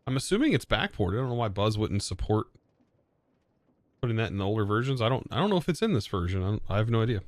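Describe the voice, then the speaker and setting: A man's voice: on the low side, big pitch swings, fast, no echo. A young man streaming a game live, thinking aloud in a hesitant way and often correcting himself mid-sentence. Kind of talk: live gameplay commentary.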